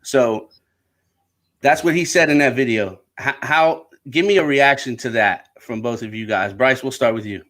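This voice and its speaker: A man's voice: medium pitch, normal speed, fairly bright tone. A man hosting a podcast discussion, thoughtful and earnest, often checking in with "right?". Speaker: podcast host.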